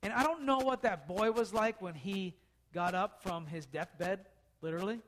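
Brief: a high-voiced male preacher, chatty storytelling sermon, asks the room questions. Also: moderate pace, fairly bright tone. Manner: conversational, asks the listeners questions.

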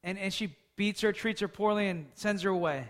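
A male preacher with a notably high voice. He preaches conversationally, asking his listeners questions as he goes. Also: a little fast. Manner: conversational, asks the audience questions. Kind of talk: sermon.

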